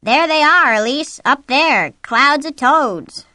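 A woman reading the lines of a young husband who jokes with his wife and then swears and shouts in anger. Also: on the high side, brisk, no echo, studio quality. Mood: joking.

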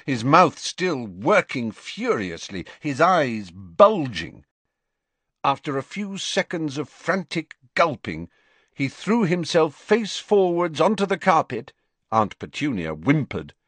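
A man narrating an audiobook in an expressive storytelling manner. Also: medium pitch, no room sound. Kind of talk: scripted narration.

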